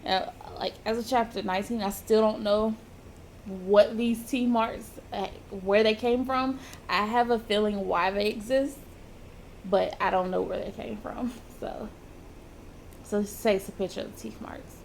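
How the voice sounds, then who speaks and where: A woman's voice: mid-range voice, fairly even intonation, a little slow, vocal fry, a little hiss or hum. A woman reviewing and reading a comic aloud in a chatty, casual way, laughing between remarks. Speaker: manga reviewer.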